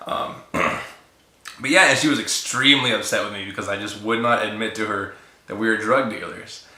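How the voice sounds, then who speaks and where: A man's voice: on the low side, a little fast, pushed and bright, reverberant. A man casually telling a funny story about his wife, laughing often and quoting her lines. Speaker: guest husband telling a story.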